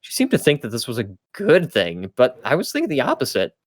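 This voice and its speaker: A man's voice: mid-range voice, huge pitch swings, brisk, no echo, clean studio sound. A young man hosting a podcast, reading fanfiction aloud for comedy, stumbling and correcting himself with laughing asides. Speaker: podcast host and reader.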